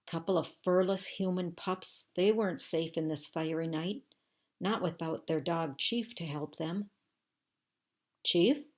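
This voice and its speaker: A woman teacher reading a chapter book aloud to her class, in a steady, measured storytelling manner. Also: on the low side.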